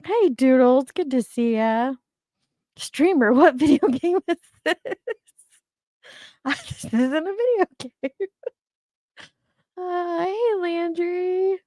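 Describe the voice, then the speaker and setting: A woman's voice: extremely high pitch, animated, slow, long pauses, mellow, dry recording, clean studio sound. An older woman hosting a casual livestream, greeting viewers by name and laughing often in a chatty way. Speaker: livestream host. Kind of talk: casual live chat.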